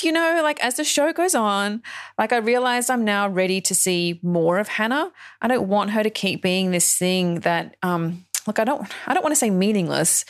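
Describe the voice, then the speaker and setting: A woman co-hosting a podcast, talking earnestly about a TV show with lots of "like" and "you know". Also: medium pitch. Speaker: podcast co-host. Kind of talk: casual TV recap chat.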